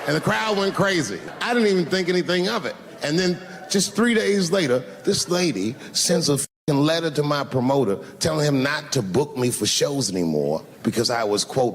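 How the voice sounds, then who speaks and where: Animated male stand-up in echoey hall. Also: normal speed. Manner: animated, jumps between low mutters and high exclaims. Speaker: stand-up comedian. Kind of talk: stand-up storytelling. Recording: echoey hall with faint noise.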